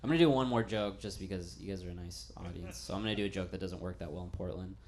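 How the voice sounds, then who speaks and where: A man doing a stand-up set in a small studio in front of a live audience, talking in an offhand, deadpan way that breaks into loud comic rants. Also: sits low, quick pace, slight background noise. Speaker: stand-up comedian.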